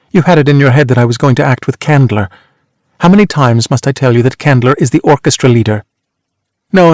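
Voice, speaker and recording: A man doing a worldly ex-actress who teases and cuts, brisk and sharp-tongued. She sounds close and dry, with no room around her, a woman from a storybook reading. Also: mid-range voice, no echo, natural voice. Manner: teasing, brisk and cutting.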